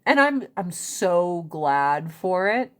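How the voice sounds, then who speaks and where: A woman's voice: on the low side, sing-song, slow, fairly bright tone. A woman in casual livestream chat, blunt and profane, often laughing, talking into a phone. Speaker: livestream host.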